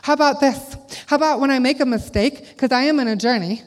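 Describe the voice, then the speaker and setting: A woman's voice: high voice, fast. A middle-aged woman giving a conversational sermon to a church audience, full of rhetorical questions. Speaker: speaker at a church gathering. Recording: long hall reverb.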